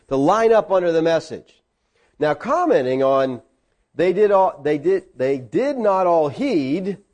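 A pastor delivers a conversational sermon, teaching a class and putting questions to its members. He is animated, and his voice swings between high and low pitch.

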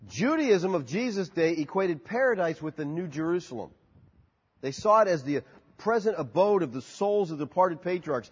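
A man preaching a sermon as pastor, rising and falling sharply and putting questions to the congregation. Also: slightly rough. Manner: animated preaching with sharp rises and drops in pitch. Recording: muffled hall recording with long reverb.

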